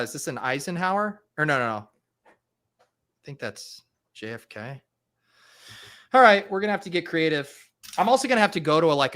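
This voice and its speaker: A man's voice: medium pitch, pushed and bright. A man hosting a casual fantasy football draft podcast, loose and self-mocking, swearing offhandedly. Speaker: podcast host.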